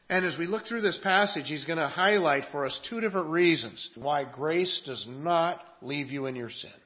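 A man preaching a sermon in an earnest style, moving from quiet asides to loud, emphatic readings of scripture. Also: a little high, highs cut off. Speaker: pastor.

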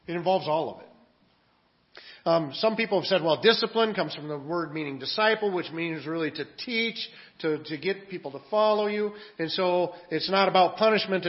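A pastor preaching a conversational sermon, full of rhetorical questions and restarts. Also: male voice, a little high, dull audio.

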